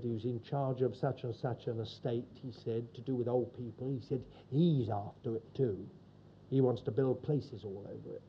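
A man's voice: mid-range voice, slight background noise. An older man telling a folksy testimony to his congregation, repeating "he said" often. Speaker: church speaker. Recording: dull lo-fi recording.

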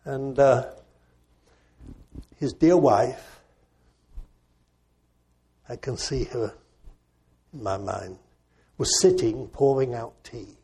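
An older man, a preacher, telling a personal story in a reflective, gently self-mocking way. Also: mid-range voice, drawn-out words, long pauses, slightly rough. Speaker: preacher and former missionary.

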